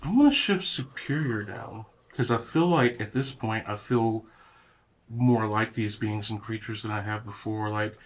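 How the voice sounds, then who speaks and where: A man playing a tabletop role-playing game, giving animated, vivid descriptions of his character. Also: lowish voice, measured pace. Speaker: player.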